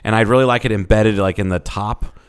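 Man, young adult, podcast co-host, crude jokes, frequent swearing, low pitch. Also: steady tone, fairly quick, clear, resonant tone. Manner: crude, joking, swears a lot. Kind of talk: casual chat.

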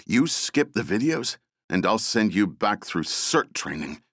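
A man's voice: fairly low pitch, very animated, measured pace, a bit bright, slightly rough, no room sound, studio quality, full character voice. A man voicing a stern, commanding woman who leads an extermination squad. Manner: barking, authoritative.

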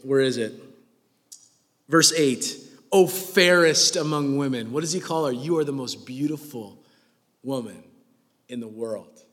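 A man's voice: mid-range voice, measured pace, long pauses, fairly bright tone. A young man preaching a sermon, playful and jokey, laughing and acting out quoted lines. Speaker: pastor. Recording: long hall reverb.

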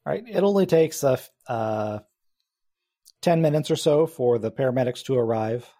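Male game master, warm mellow voice, relaxed halting delivery. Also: medium pitch. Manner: relaxed, halting, with many fillers. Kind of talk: narrating a tabletop game.

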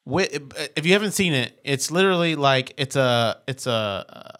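A man's voice: mid-range voice, animated, normal speed, a bit bright, clear, resonant tone. A man co-hosting a casual podcast chat, loose and joking, often trailing off and restarting sentences. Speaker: podcast co-host.

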